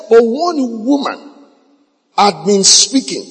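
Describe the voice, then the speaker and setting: Male preacher, husky tone, dramatic swings in pitch, sermon heard in a reverberant church hall. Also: very animated, fairly bright tone. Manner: emphatic, repeats key phrases, stretches words slowly. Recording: long reverb of a large hall.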